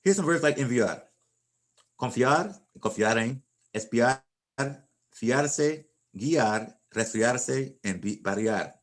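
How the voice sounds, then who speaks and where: A man teaching a Spanish class in a relaxed, casual way, often repeating and restarting words as he explains. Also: mid-range voice, slow pace.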